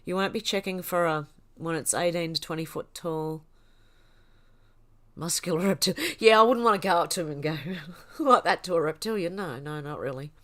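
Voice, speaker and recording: A woman's voice: lowish voice, a little fast, a bit bright. A woman hosting a casual livestream, reading chat comments aloud and laughing often. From Australia.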